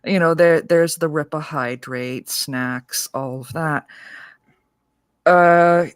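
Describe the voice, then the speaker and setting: A woman's voice: deep voice, slow, smooth, no echo. Chatty, teasing woman, dry sound. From Canada. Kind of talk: casual chat.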